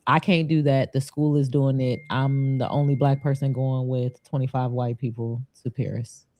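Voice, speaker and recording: A woman chatting casually on a podcast, animated and playful, swearing freely. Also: rumbling low, moderate pace. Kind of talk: casual chat.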